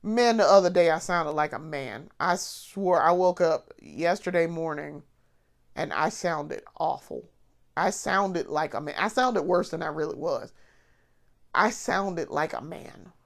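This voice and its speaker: Sick woman vlogger, lowish voice, congested, casual and blunt, curses a lot while venting. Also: lively intonation, a little slow, creaky. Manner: blunt and ranting, swears freely, stumbles and restarts. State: sick with covid, congested and coughing. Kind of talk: casual vlog rant.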